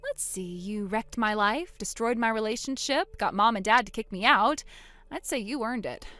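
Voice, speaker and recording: A woman voicing a calm, vengeful young woman who coldly springs a trap on her sister in a text-story drama. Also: a little high, normal speed, dry recording. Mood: cold triumph. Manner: cool, quiet, coldly sarcastic.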